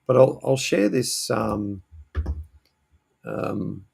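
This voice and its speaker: Low, gravelly man host, husky, halting casual chat. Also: lively intonation, a little mellow. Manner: hesitant, lots of ums and restarts. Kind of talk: casual live-stream chat. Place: home shed.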